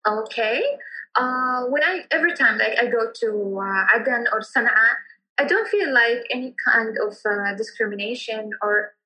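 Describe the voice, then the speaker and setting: A woman's voice: fairly high pitch, normal speed, sharp tone, rough recording. A young woman from Yemen speaking English with a Yemeni Arabic accent, answering interview questions with many fillers and restarts. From Yemen, Hadramaut. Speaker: interviewee, cultural entrepreneur.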